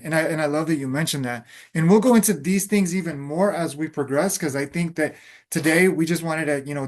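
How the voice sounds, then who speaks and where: A man's voice: fairly high pitch, darkish tone. A man co-hosting a spiritual podcast conversation, reflective and affirming as he speaks. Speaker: podcast co-host.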